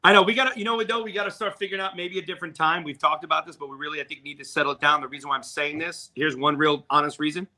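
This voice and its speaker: A man co-hosting a casual chat who speeds along, pressing with questions. His voice sits high for a man, with a bright, forceful edge. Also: fairly even intonation. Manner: quick, pushy questioning. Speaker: co-host.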